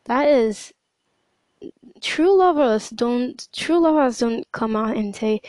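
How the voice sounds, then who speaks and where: A woman's voice: on the high side, unhurried, a little mellow, no echo, low-quality recording. A young woman talking casually in a hesitant monologue, full of fillers and restarts. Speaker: podcast host.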